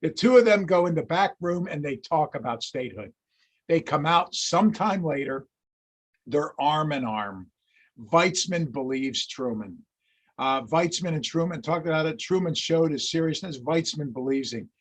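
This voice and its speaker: Animated, slightly husky male lecturer. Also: a little high, moderate pace. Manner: animated, chatty storyteller who laughs at his anecdotes. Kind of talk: storytelling history lecture.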